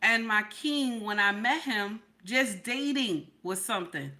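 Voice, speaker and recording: Emphatic woman with a bright voice. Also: mid-range voice, expressive, measured pace. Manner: emphatic, repeats lines, talks to chat. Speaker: livestream reaction host. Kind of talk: casual livestream commentary.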